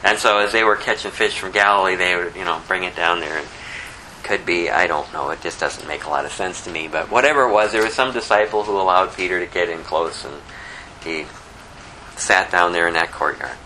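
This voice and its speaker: A man's voice: sits low, brisk, bright, forceful tone, a little hiss or hum, poor audio. A man giving a conversational, verse-by-verse Bible teaching, reading scripture aloud and explaining it in plain words, with a slight lisp. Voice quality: says he has a lisp. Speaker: pastor.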